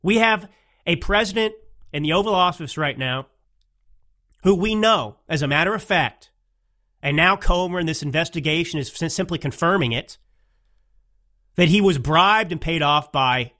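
Bright-voiced man ranting on a podcast. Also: fairly high pitch. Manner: rambling, emphatic, with restarts and asides. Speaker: podcast host. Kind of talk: casual political commentary monologue.

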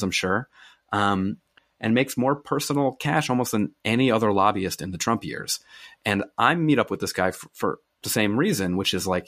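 A man with a fairly low voice tells stories as a podcast guest, in an animated way full of asides and restarts. The sound is dry and close to the mic, with no room around it. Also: dry recording. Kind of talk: conversational podcast interview.

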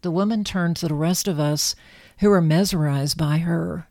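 Female storyteller, low voice, calm measured reading, dry close mic. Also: no echo. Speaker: narrator. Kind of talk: storybook narration.

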